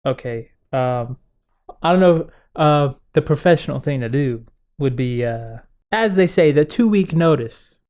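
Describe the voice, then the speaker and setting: A young man with a somewhat high voice tells an animated story in relaxed podcast chat. He acts out the other people's lines and laughs easily along the way. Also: unhurried. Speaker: podcast co-host. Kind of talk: casual chat.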